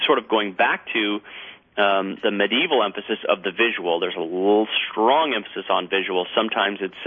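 A male radio guest explaining at length over the phone, pausing often with fillers and restarts. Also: on the low side. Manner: halting, many fillers and restarts while explaining. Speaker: guest researcher on a radio show. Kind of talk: radio talk show. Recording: tinny phone line.

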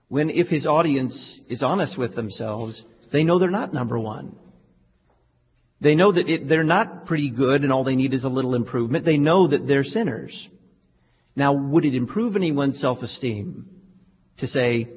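A man's voice: mid-range voice, animated, normal speed, breathy edge. A male radio talk show host giving pointed, lecturing religious commentary. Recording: lo-fi studio with reverb.

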